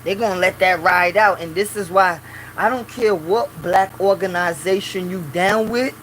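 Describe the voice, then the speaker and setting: This livestreamer has a high-pitched voice and talks at normal speed, hosting a casual stream from his small work office. His speech rambles in loose phrases full of "you know" fillers, and he gets loud and sermonizing once provoked. There's a little hiss or hum over the low-quality audio.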